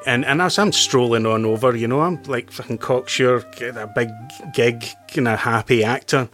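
A man telling a story as a podcast guest in casual talk, swearing freely and getting animated. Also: mid-range voice, moderate pace, soft background music. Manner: profane, animated anecdote-teller.

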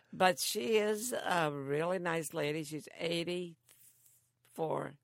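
An older woman who lives in a care home, chatting slowly and telling stories with frequent chuckles. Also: on the low side, gravelly, no echo, studio quality. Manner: slow, chuckling storyteller. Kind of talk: casual chat.

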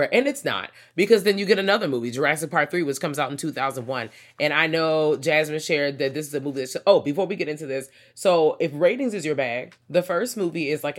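A podcast co-host in a casual movie review chat, sassy and profane, dropping low and quiet for asides.

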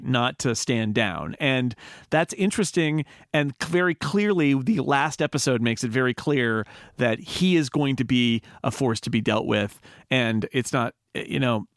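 Man, podcast host, gravelly voice, casual excited chat, dry close sound. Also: mid-range voice, no room sound. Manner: enthusiastic, lots of fillers and restarts.

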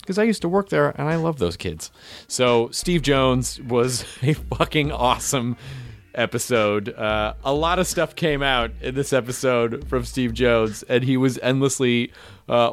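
A man's voice: mid-range voice, unhurried. A man from the Southern United States hosting a podcast, chatting casually and playfully, with light jokes and ad reads. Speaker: podcast host.

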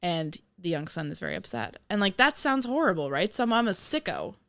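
A woman co-hosting a podcast, chatting casually about a movie, animated and profane, often laughing. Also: on the low side, fairly quick. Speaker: podcast co-host. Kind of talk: casual movie review chat.

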